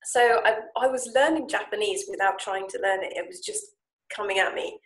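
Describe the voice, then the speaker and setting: A woman telling a casual story as a language coach, animated and quick to act out quoted voices. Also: mid-range voice. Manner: lively, animated retelling with acted-out quotes. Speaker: Japanese speaking coach and founder. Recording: echoey room.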